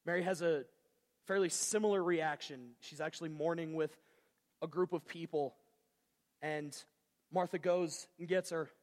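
A man's voice: on the high side, fairly even intonation, moderate pace, pauses often, a little mellow, big-room sound. A man preaching a sermon in a casual, conversational way with slang. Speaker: pastor.

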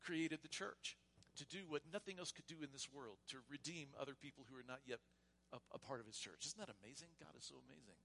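A man serving as pastor, leading a church membership service in a loose, casual way and then reading vows and creed in a measured voice. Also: medium pitch, gravelly, a little hiss or hum. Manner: casual and warm, with frequent restarts; reads liturgy aloud in a measured voice. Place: church sanctuary.

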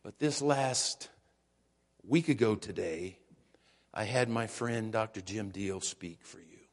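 An older man preaching as pastor, telling jokey stories in a folksy, unhurried way. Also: lowish voice. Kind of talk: sermon with casual storytelling. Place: church sanctuary. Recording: church hall with long reverb.

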